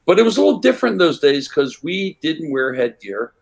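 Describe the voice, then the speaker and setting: An older man, a guest on an interview, telling rambling stories in a relaxed way and acting out the voices of people in them. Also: on the high side, a little fast, gravelly, husky. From United States. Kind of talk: relaxed anecdotal storytelling.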